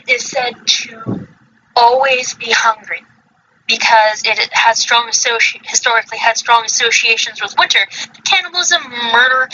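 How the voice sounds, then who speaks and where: Bright-voiced woman hosting a podcast. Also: on the high side, highs cut off, a little hiss or hum. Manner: reads from research notes, stumbles over unfamiliar names. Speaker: podcast host. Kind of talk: casual livestream podcast chat.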